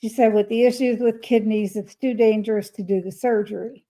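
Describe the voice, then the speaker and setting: A woman's voice: mid-range voice, steady tone, fairly quick, poor audio. An older woman hosting a casual livestream, reading viewer comments aloud and replying to them in a chatty way. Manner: chatty, reads messages aloud and replies warmly. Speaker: livestream host.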